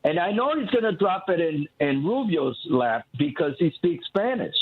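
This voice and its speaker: Male caller on a phone line, husky, lively pitch, rambling. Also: moderate pace. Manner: rambling, restarts often, acts out quoted people. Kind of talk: call-in radio talk.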